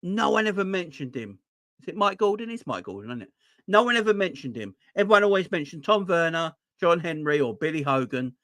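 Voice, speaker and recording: A man's voice: a little high, big pitch swings, fairly quick, a bit bright, no echo. A young man with a London accent chatting casually on his fan channel, speaking emphatically and repeating points, with rhetorical questions to his viewers. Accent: Southern English (London). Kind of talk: casual livestream chat.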